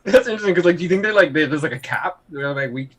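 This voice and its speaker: A man's voice: a little high, animated, very fast, background noise. Giggly riffing podcast guy. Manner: laughing, riffing, casual slang. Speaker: podcast co-host. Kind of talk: casual chat.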